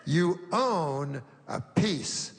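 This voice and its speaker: Stand-up guy on a club stage, dry deadpan rambling, kinda high voice, crowd laughing. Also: very slow. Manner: deadpan, rambling, folksy asides. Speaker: stand-up comedian. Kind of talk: stand-up comedy. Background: audience laughter.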